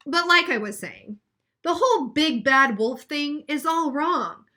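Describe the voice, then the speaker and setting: A woman's voice: high voice, animated, unhurried, bright, forceful tone, full character voice. A woman reading as a sly storybook wolf. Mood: wry. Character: sly smooth-talking male wolf defending himself.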